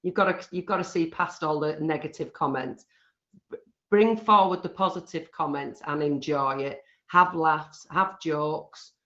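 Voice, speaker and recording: A woman's voice: sits low, unhurried, fairly bright tone. A British woman as a guest on a live-stream interview. She talks chattily and bluntly and laughs often. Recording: dull lo-fi stream audio.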